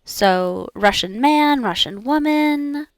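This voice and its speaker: A woman's voice: high-pitched, lively intonation, takes it slowly, no echo. A young woman learning languages, repeating practice words aloud and chatting casually with fillers.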